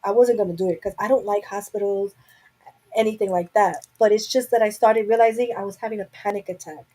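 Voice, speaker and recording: A woman's voice: mid-range voice, fairly quick, warm tone, rough recording. A young adult woman hosting a casual live chat from home, talking candidly and rambling to her viewers through a webcam mic. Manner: candid, rambling, talks to herself. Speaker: live stream host.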